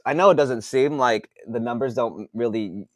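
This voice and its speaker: A man who writes books, talking casually in a podcast monologue, swearing a lot and working out sums out loud. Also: mid-range voice, moderate pace, dry recording, studio quality. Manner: profane, thinks aloud while doing math. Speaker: author.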